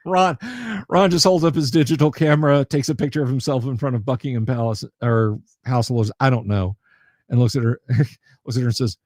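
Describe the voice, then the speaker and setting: Brief: male stream host, mid-pitched, joking and rambling, dry close mic. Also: fairly even intonation, a little fast, a little mellow, dry recording. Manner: rambling, jokey, laughs often. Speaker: livestream host. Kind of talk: casual chat.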